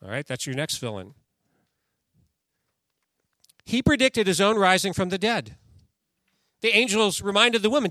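A man's voice: sits high, very animated, brisk, bright, forceful tone, dry recording. A man preaching a sermon in a conversational way, reading scripture aloud and putting questions to the congregation. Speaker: pastor.

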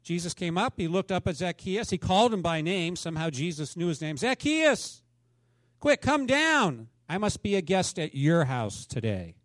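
A man in his fifties preaching a sermon, telling stories dramatically and swinging between loud exclamations and hushed asides. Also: fairly high pitch, lively intonation, a little fast, few pauses, no echo. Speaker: pastor.

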